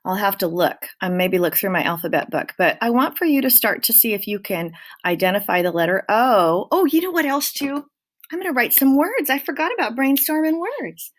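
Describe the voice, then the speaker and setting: Her voice a little high and animated, a woman leads small children through a phonics lesson, drawing out each sound slowly and clearly with warm encouragement.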